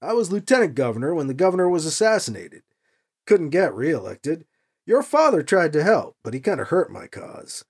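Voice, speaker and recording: A man putting on a middle-aged former politician who rambles on in a chatty, grumbling way. The voice sits high with a lively lilt and a husky grain, as in a read-aloud sci-fi story. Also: moderate pace, full character voice. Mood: rambling.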